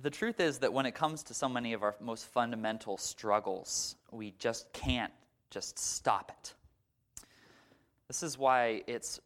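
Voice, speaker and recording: A man giving a sermon as a pastor, telling stories in a conversational way with a few fillers. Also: mid-range voice. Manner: conversational storytelling, some fillers.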